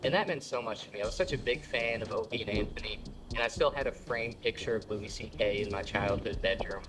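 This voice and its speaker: A man's voice: lowish voice, a little fast, background noise. A male stand-up comedian telling a story and acting out each character. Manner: animated, acts out every character.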